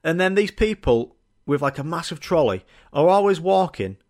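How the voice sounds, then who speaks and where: A young man with a lively, bouncing delivery and a slightly raised pitch. He riffs in a loose, sweary comic ramble as a podcast host. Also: normal speed. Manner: rambling, jokey, sweary, animated. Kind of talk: casual comedic monologue.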